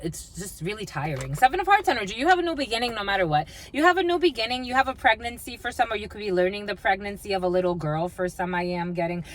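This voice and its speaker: A woman's voice: fairly high pitch, a bit bright. A woman giving a channeled tarot reading, blunt and swearing freely, and sometimes half-singing her lines. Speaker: psychic reader.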